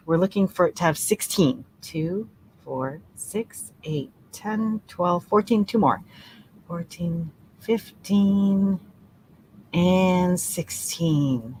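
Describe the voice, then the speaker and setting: A woman leading a relaxed crochet-along tutorial, chatting and laughing, counting stitches aloud softly. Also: fairly low pitch, slight background noise. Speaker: crochet teacher. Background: soft relaxing music.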